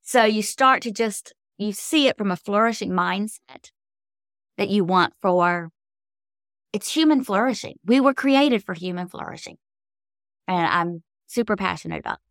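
A woman's voice: mid-range voice, moderate pace, fairly bright tone, no room sound, clean studio sound. Earnest woman telling faith stories. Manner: earnest, emotional storyteller. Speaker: guest, author. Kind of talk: faith-based interview storytelling.

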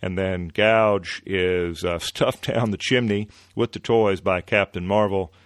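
A man hosting a podcast, retelling an old comic-book story in a relaxed way with many fillers. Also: sits low, takes it slowly, no room sound, studio quality. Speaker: podcast host.

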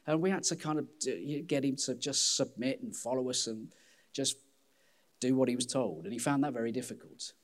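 A man preaching a sermon as pastor, candid and self-deprecating, with an animated delivery. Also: mid-range voice, normal speed.

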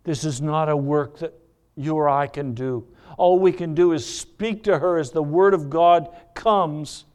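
A male pastor preaching a sermon, firing off rhetorical questions and swinging between loud emphasis and hushed, low lines. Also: a little slow, clear, resonant tone.

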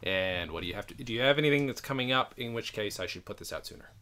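Lively-pitched casual podcast host man. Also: fast. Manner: casual, swears, lots of listening murmurs. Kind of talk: casual interview.

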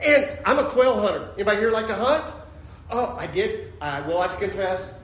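A man preaching a sermon as pastor, animated and joking, with sudden shouts and soft low asides. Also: brisk. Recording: echoey room with faint ambience.

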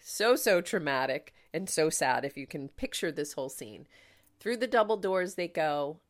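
Woman host, low voice, candid and emotional storytelling, chatty with fillers. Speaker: podcast host. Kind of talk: personal storytelling.

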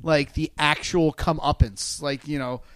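A man's voice: on the high side, fairly even intonation, a little slow, a bit bright, clean tone, dry recording. A man co-hosting a casual podcast chat, talking in a jokey, chatty way with lots of fillers. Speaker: podcast co-host.

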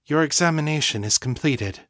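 A man reading an audiobook, voicing a collective hive mind that speaks in a mild, measured, formal way. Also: a little high, fairly bright tone, dry recording, studio quality, pitched above the performer's own voice, close to an everyday voice. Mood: gentle. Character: calm collective hive mind of many psychics.

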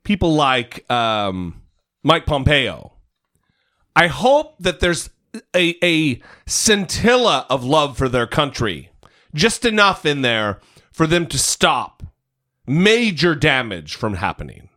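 Male podcast host, heated and sweary, high-ish bright voice. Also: very animated, slow pace. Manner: heated, cursing, emphatic. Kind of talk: casual political chat.

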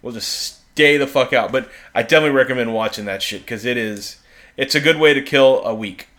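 A man's voice: mid-range voice, brisk, a bit bright. A man co-hosting a podcast in casual chat, swearing freely and laughing often. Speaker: podcast co-host.

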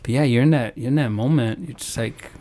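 Gravelly-voiced man telling a story. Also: mid-range voice, a little fast. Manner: animated storytelling, acts out dialogue. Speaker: father sharing a story. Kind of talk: casual chat.

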